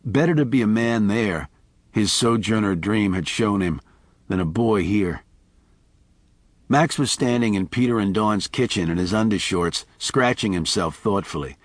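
A man whose voice sits on the low side gives a measured, expressive audiobook narration, captured dry and at studio quality.

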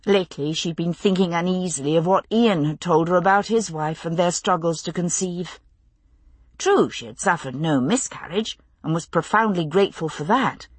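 A woman reading an audiobook in an even, intimate storytelling manner, voicing the characters herself. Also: lowish voice, slightly rough, no room sound. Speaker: audiobook narrator. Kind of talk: scripted narration.

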